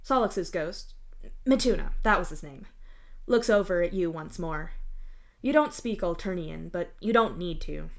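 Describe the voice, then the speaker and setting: A woman's voice: lowish voice, measured pace, vocal fry. Woman reading fan fiction aloud live. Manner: steady narration with small restarts.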